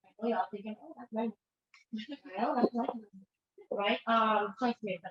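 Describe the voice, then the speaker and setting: A woman's voice: fairly high pitch, steady tone, a little slow, noisy background. A woman, a therapist giving an informal conference talk in a conversational way, acting out quoted lines as she goes. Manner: conversational, acts out quoted dialogue with shifting voices. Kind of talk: informal lecture presentation. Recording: echoey room, dull lo-fi sound.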